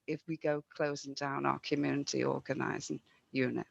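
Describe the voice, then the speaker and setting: A woman's voice: a bass voice, level tone, normal speed, gravelly. A woman giving an earnest, rallying campaign speech over a video call. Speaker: mayoral candidate. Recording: dry, dull lo-fi sound.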